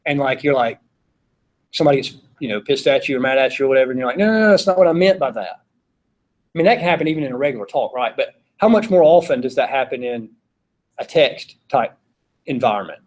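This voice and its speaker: This philosophy lecturer talks to his class in a relaxed, conversational way, asking the students questions as he goes. His voice is mid-range and a little mellow, and he speaks a little fast.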